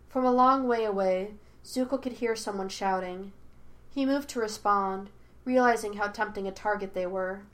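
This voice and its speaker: A woman reading fan fiction aloud as an audiobook, measured and expressive. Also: mid-range voice. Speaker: podfic reader.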